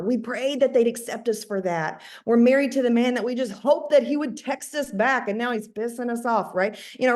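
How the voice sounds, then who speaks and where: A woman's voice: a little high, darkish tone. A woman in her thirties giving an emphatic motivational talk to her team, often repeating words for emphasis. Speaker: network marketing team leader.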